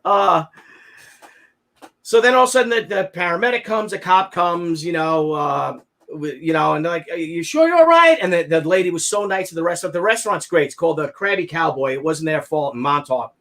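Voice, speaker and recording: A man with a high voice hosts a casual chat show. He tells stories in a slangy, excitable way and acts out every person he mentions. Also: brisk. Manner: animated, acts out the people in his stories. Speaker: show host.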